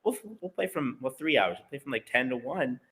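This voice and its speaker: A man's voice: medium pitch, expressive, a little fast, a bit bright. A man hosting a casual livestream chat, laughing often, swearing casually and restarting his sentences. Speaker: podcast host.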